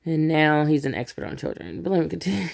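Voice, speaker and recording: A woman with a low, gravelly, somewhat mellow voice talks fast with big pitch swings as she hosts a celebrity gossip channel. She reads news quotes aloud, then breaks off with sarcastic asides in a casual commentary style.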